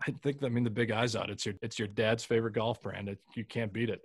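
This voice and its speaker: A man's voice: lowish voice, steady tone, quick pace, breathy edge, no echo, clean studio sound. A man talking casually on a golf podcast, rambling loosely with restarts and the odd curse. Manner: rambling, loose, with frequent restarts and mild swearing. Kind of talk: casual chat.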